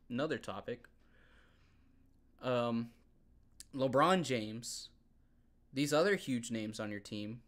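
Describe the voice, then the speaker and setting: A young man hosting a podcast, ranting heatedly about basketball in a casual, animated way and often repeating himself. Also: medium pitch. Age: young adult. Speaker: podcast host. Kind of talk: casual sports rant.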